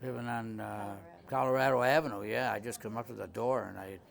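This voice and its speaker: A man's voice: mid-range voice, fairly even intonation, fairly quick, gravelly. An older man who runs a tavern, telling old stories in a rambling way, full of restarts and "you know". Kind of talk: rambling spoken anecdotes.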